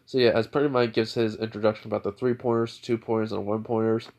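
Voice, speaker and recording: A man's voice: lowish voice, flat delivery, fast, a little mellow. Rambling man telling a fan story. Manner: rambling, filler-heavy retelling. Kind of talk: casual improvised storytelling.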